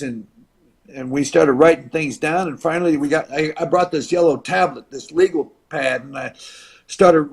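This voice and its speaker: Man, 70s, from the US, retired wrestler, interview guest, animated storytelling, slightly high voice. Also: vocal fry. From United States. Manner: animated, acts out quoted voices and crowd noise. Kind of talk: storytelling anecdote.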